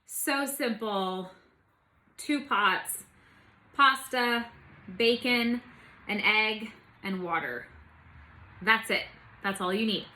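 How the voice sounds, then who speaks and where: A woman's voice: medium pitch, drawn-out words, long pauses, sharp tone. A woman hosting a casual home cooking video, chatty and bubbly with playful asides, in her home kitchen.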